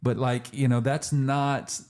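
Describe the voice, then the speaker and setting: A man's voice: medium pitch, little pitch movement, slow pace, darkish tone. A man, hosting a podcast in a chatty, emphatic way with joking asides. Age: 40s. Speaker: podcast host. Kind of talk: casual podcast chat.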